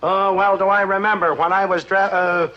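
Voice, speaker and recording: An actor playing a blustering, self-important middle-aged father and former army sergeant in a 1960s sitcom, barking orders loudly. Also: high-pitched, level tone, normal speed, dull audio, background noise, lightly acted. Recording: old TV soundtrack with laugh track.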